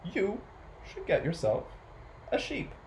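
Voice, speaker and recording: A man voicing a calm old village wise man who gives advice slowly and thoughtfully in a storybook read-aloud. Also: high-pitched, slight background noise, voice pushed up, full character voice. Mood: musing. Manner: slow, hushed, thoughtful delivery.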